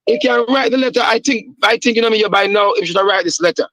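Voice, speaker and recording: A man with a Jamaican accent hosting a casual panel debate, cutting in to calm the others down. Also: high-pitched, fast talker, low-quality recording. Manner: calming, keeps cutting in to moderate. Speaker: host.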